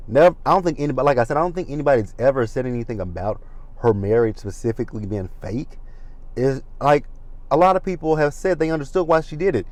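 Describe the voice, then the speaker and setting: A man's voice: mid-range voice, dry recording. A man hosting a casual reality TV recap, talking in a chatty, gossipy way with asides and profanity. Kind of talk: casual chat commentary.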